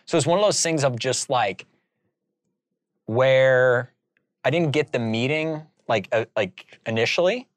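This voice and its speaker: A man's voice: mid-range voice, a little slow, dry recording, studio quality. A man from Indiana, a filmmaker guest in an interview, telling a story casually and animatedly with lots of "like". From Indiana, USA. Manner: animated storyteller, heavy use of "like".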